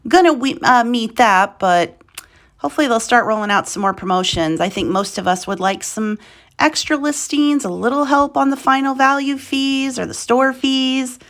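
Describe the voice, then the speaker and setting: A woman's voice: on the high side, normal speed, fairly bright tone. An American woman hosting her channel, reading selling-platform news aloud and breaking off for wry, chatty asides and self-mocking stumbles. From United States. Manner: chatty, wry asides, stumbles over words and laughs at herself. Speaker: reseller and channel host.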